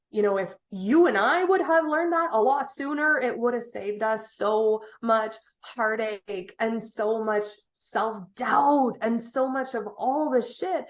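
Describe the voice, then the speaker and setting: A woman speaking as a podcast guest in casual interview talk, emphatic and motivational, dropping the odd swear word. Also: medium pitch. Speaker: guest, event organizer.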